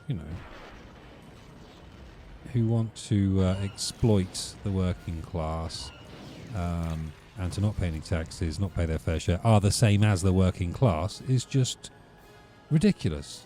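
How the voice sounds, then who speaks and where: A man's voice: low-pitched, warm tone. A man hosting a let's play, rambling through wry, ranting commentary while he plays.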